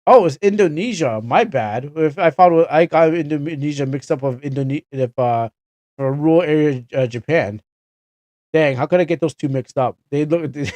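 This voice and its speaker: A man's voice: on the high side, darkish tone, no room sound. A young Canadian man chatting casually on a game livestream, rambling and correcting himself with chuckling asides. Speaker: streamer.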